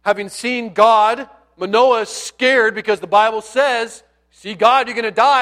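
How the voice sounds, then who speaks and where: A male pastor preaching a sermon in a conversational, animated storytelling style with playful asides, dropping to a near hush on key words. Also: very high voice, a little slow, few pauses.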